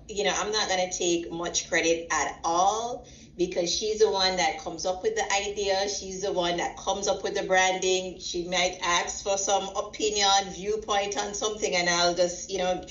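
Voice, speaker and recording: A woman being interviewed as a proud parent, telling stories in a lively way and acting out the quoted lines. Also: lowish voice. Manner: animated storyteller acting out quotes. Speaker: guest parent. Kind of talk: casual interview. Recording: roomy, slightly dull sound.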